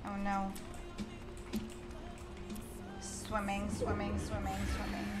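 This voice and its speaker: A young woman streaming a game live and commenting as she plays, excitable and gushing, with frequent squeals and repeated exclamations. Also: medium pitch, takes it slowly. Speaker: gaming streamer. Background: music playing under the voice.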